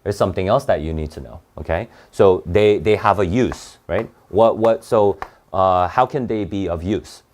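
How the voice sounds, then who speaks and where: Male tutor, slightly low voice, casual think-aloud lesson. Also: moderate pace, a little mellow, a little hiss or hum. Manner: thinks aloud, restarts, frequent "right?". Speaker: test prep tutor. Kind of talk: online reading lesson.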